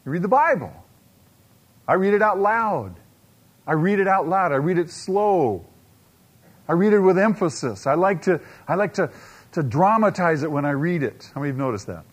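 A fairly high-voiced man delivers a sermon in church. He presses his points with repeated rhetorical questions and stretches key words out slowly. He drops into soft, hushed asides. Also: animated, husky. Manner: emphatic preacher, rhetorical questions, dramatic slow-downs and quiet asides. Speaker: pastor.

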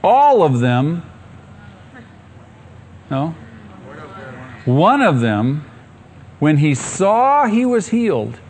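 A middle-aged man preaches a sermon as the congregation's pastor. His voice sits a little high and swoops widely, climbing into excited calls and pointed questions to the listeners before dropping low again. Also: drawn-out words, pauses often, slight background noise.

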